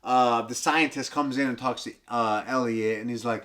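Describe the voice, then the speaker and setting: A man comedian casually retelling a film, loose and profane, breaking into high squealing impressions and sound effects. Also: steady tone, moderate pace, few pauses, a bit bright.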